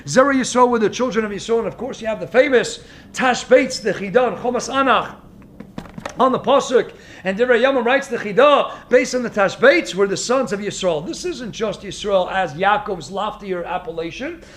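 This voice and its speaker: A man giving a Torah lecture as a rabbi, with an expressive, sing-song delivery full of rhetorical questions. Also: high voice, moderate pace.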